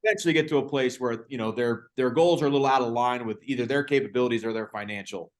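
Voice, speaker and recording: A man's voice: mid-range voice, fast. A man guest explaining franchise steps point by point, often checking in with "right?". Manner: ends points with tag questions. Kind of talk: explaining a process.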